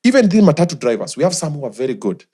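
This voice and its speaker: A man's voice: a little high, very animated, rapid-fire, dark tone, slightly rough. A young man with a Kenyan accent, chatting animatedly as a podcast guest and mixing in Swahili slang. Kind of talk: casual chat.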